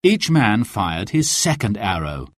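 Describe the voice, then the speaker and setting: Slow, expressive storybook narrator man. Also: fairly low pitch, no room sound, studio quality. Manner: expressive, with clear, careful delivery.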